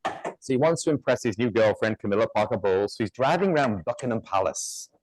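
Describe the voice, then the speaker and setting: A man's voice: lowish voice, lively intonation, fairly quick, a little mellow. A man giving a live woodturning demonstration, chatty and joking, with rambling asides.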